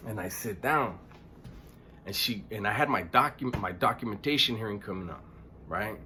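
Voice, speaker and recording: A man with a lowish voice tells a personal story plainly and unhurriedly, stopping and restarting his sentences and clearing his throat. His talk is blunt and laced with swearing. A faint hiss of noise sits under the voice. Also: bright, forceful tone. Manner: low-key, halting, frequent restarts and throat clearing. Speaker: storyteller recounting his past. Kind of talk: casual spoken storytelling.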